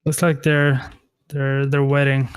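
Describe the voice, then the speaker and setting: Man, esports caster, halting apologetic delivery, average pitch, dry close headset mic. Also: completely flat delivery, smooth, no room sound. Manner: hesitant, apologetic, many fillers and restarts. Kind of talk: casual live game commentary.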